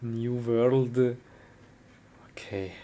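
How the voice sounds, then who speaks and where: A woman performing a comedic live-action skit, excitable and quick to exclaim and laugh, speaking simple English with non-native phrasing. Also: rumbling low, heavy background noise. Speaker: sketch performer.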